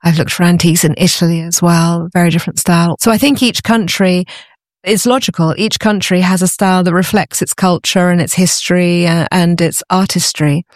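A woman's voice: lowish voice, steady tone, brisk, no echo, clean studio sound. A British woman speaking as a guest in a casual podcast interview, often repeating words as she starts a thought. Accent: British English. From Britain. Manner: warm, repeats words when starting sentences. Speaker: guest, antiques business owner.

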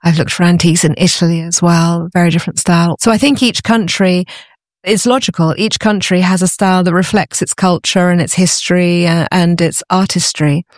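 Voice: mid-range voice, steady tone, fairly quick, dry recording, clean studio sound. A guest speaking enthusiastically in an interview, with many fillers and restarts. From Britain. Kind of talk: conversational interview.

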